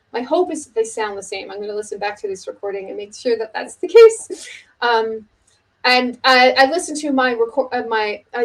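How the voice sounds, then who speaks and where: Casual halting woman oboe teacher. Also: fairly high pitch, low-quality recording. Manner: casual and halting, many fillers and restarts. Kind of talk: instructional video lesson.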